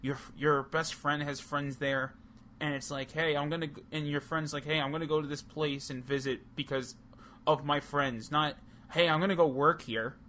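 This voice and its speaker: A man's voice: a little high, fairly even intonation, normal speed, bright, forceful tone, slight background noise. A man co-hosting a casual wrestling podcast, talking heatedly and profanely, rambling with many restarts. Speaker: podcast co-host. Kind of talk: casual chat.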